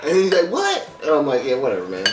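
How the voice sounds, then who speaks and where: A man's voice: medium pitch, rapid-fire, distant mic, noisy background. Profane man telling hospital stories. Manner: profane, animated storyteller who acts out quoted people. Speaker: podcast guest. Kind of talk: casual storytelling chat. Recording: roomy, off-mic with loud music behind.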